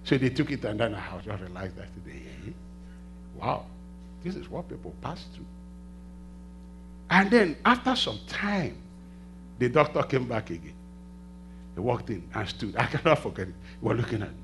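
Man, middle-aged, pastor preaching, bright forceful voice, call-and-response, hushed to loud swings. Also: mid-range voice, big pitch swings, moderate pace, long pauses, a little hiss or hum. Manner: call-and-response questions to the congregation. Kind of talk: sermon.

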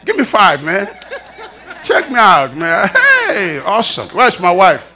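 Male preacher, high lively voice, bright tone, sermon delivery. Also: a little slow, a faint crowd. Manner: animated, calls to the congregation, rhetorical questions.

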